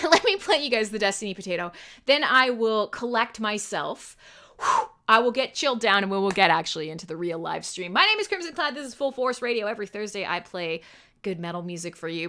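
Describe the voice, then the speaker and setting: A woman's voice: medium pitch, bright, forceful tone. A woman hosting a metal radio show, chatting casually on a live stream, giggly, profane and rambling.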